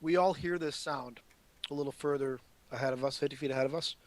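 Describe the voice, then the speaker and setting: A man's voice: medium pitch, steady tone, fast talker. Polite man playing a tabletop game. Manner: polite, asks the table for leeway. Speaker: player. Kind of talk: casual tabletop game chat.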